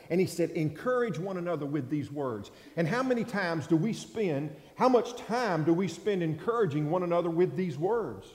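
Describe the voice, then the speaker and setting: A pastor delivers a sermon in a folksy, storytelling voice, swinging from loud to hushed. His voice sits a little high for a man. It rings through a large hall with a long, echoing tail. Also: expressive, normal speed, hardly any pauses. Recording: echoey hall, long reverb.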